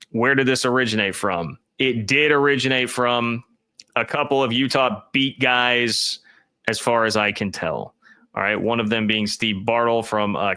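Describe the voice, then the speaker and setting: A man's voice: fairly low pitch, pushed and bright, clear, resonant tone. A man giving emphatic, opinionated college football commentary, talking directly to his chat viewers.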